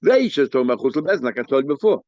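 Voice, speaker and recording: A man teaching a daily Talmud lesson, mixing English with Hebrew and Aramaic study terms and acting out the litigants' lines in quick bursts. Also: medium pitch, big pitch swings, dry recording. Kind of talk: daf yomi Talmud lecture. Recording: dull, lo-fi dry recording.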